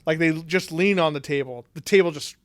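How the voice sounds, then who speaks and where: A podcast co-host with a fairly high voice chats casually, swearing and joking and quick to act out quotes. The recording is clean studio sound with no echo.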